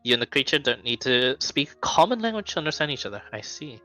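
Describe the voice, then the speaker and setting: A man's voice: mid-range voice, sing-song, fast talker, pushed and bright, faint music behind. Casual man running a tabletop game. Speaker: game master.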